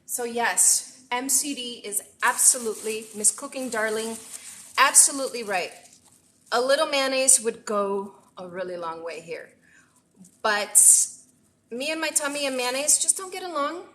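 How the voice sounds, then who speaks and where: A woman's voice: a little high, lively intonation, normal speed, fairly bright tone, roomy sound. A woman chef cooking at home on a casual livestream, chatting to viewers in a gushing way and dropping in Spanish phrases. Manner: gushing, exclaims often, mixes in Spanish phrases. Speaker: chef streaming a cooking session. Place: home kitchen.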